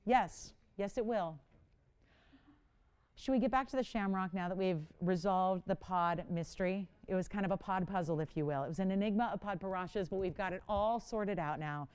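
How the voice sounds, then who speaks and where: A woman's voice: mid-range voice, clean tone. A woman in her forties hosting a live home-shopping show, chatty and bubbly, often laughing as she presents. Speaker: shopping channel host. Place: television studio.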